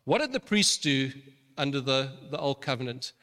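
A man's voice: medium pitch, very animated, normal speed, sharp tone, smooth. A man preaching a sermon in an earnest way, often restarting and repeating words. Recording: long reverb of a large hall.

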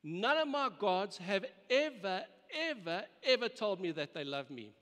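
A man's voice: sits high, sing-song, measured pace, fairly bright tone, pitched above the performer's own voice, full character voice. A man doing an amazed Indian-accented worshipper. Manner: raised, wondering, emphatic repetition. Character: bewildered Hindu worshipper, a man. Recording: long hall reverb.

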